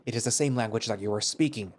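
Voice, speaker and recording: A man's voice: on the low side, fast, darkish tone, slight background noise, lightly acted. A man voicing a stern male beast-man warrior who speaks tersely and formally, without contractions. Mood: blunt.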